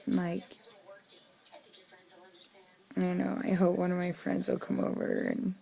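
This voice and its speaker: A young woman vlogging casually, venting in an irritable, profane way with lots of fillers, sounding low and weary. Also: monotone, a little fast, gravelly, mellow. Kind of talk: casual personal vlog.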